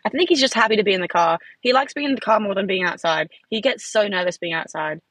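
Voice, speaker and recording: A young woman from Australia with an Australian accent, chatting bubbly and excited on a live stream from her phone in a car. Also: mid-range voice, fast, no room sound, rough recording. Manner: bubbly, gasping and laughing at gifts, many "like"s. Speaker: livestreamer. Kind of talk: casual live stream chat.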